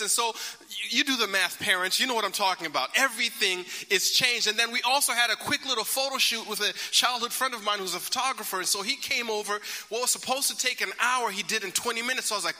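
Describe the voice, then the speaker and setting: A man preaching a sermon, telling a story animatedly, swinging between loud bursts and hushed asides. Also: very high-pitched, fast. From Africa. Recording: reverberant hall.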